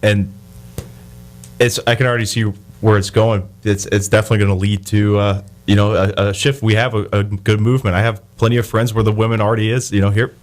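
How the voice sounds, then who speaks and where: A man with a low voice chatting on a radio show. He speaks in an easygoing, halting way, repeating words as he finds his point. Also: little pitch movement. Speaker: manager and radio co-host. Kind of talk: casual radio chat.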